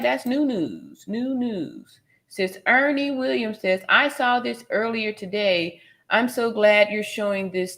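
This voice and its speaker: A woman's voice: mid-range voice, a bit bright. A woman nurse from California hosting a casual livestream, reading viewer comments aloud and laughing often. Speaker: livestream host reading chat.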